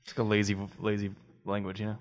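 A man's voice: fairly low pitch, completely flat delivery, quick pace. A man with a Louisiana accent chatting in an easygoing way. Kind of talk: casual chat.

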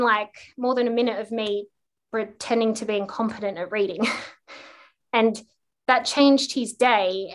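A woman guest on a parenting podcast, casually telling a personal story and acting out the quotes. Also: a little high. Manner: lively anecdote telling with acted-out quotes.

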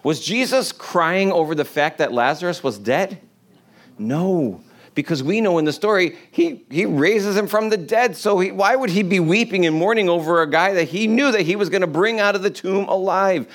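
A middle-aged man preaching a sermon in a conversational storytelling way, with lively quoted voices and soft laughs. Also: high voice, normal speed. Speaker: pastor.

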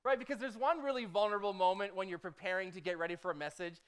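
Smooth-voiced pastor preaching conversationally. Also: medium pitch, fast. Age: adult, formerly a motivational speaker. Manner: conversational, punctuates with "okay?" and "right?"; lively storytelling, acts out own quoted prayers. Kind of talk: sermon with a story.

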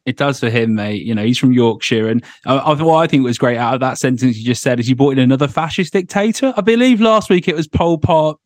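A man hosting a casual football podcast, teasing his co-hosts with steady banter. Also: medium pitch, fast, hardly any pauses, no echo, clean studio sound. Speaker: podcast host. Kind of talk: casual chat.

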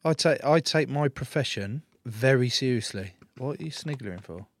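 A man's voice: medium pitch, animated, normal speed, dry recording. A man in his thirties with a southern English accent, a guest in a studio interview, bantering cheekily with mock indignation and swearing freely. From England. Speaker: interview guest, rugby player.

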